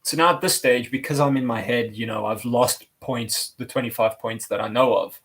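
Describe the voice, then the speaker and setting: A man's voice: medium pitch, steady tone, normal speed, fairly bright tone. Male motorcycle vlogger, casual and rambly, chatty storyteller.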